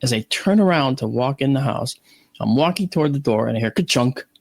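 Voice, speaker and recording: A man with a gravelly, creaky edge to his voice, a guest in an interview, spinning casual stories with plenty of restarts and repeated words. He acts out the voices of the people in his tales, and the sound is dry and close with no room echo. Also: mid-range voice, a little fast. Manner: animated anecdotes, acting out his own and others' lines. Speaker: guest, astronomer and video analyst.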